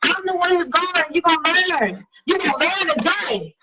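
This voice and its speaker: Sassy high-voiced woman hosting a live show. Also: expressive, moderate pace, recorded from a distance, over a noisy crowd, poor audio. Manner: sassy, emphatic, slangy. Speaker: talk show host. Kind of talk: casual live-stream chat reading comments. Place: home live stream over wireless connection.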